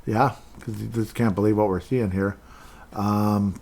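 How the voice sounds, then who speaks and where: Man, podcast host, fairly low voice, casual solo chat, rambling, chuckles between listener comments. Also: steady tone, a little slow, gravelly, darkish tone.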